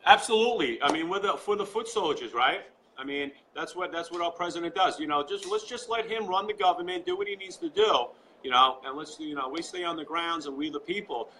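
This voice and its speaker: A man with a New York accent talks as an interview guest. His voice sits a little high and rings bright and forceful. He speaks with fervent conviction and circles back on his words. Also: a little fast, few pauses, slight background noise, rough recording. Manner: fervent, repeats "you know" often. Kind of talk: casual interview chat. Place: at home.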